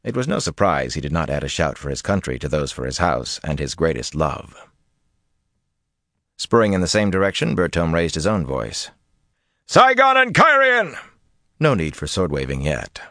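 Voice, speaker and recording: Deep-voiced man narrating an audiobook. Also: no echo, studio quality. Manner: measured, expressive storytelling. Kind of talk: scripted fantasy narration.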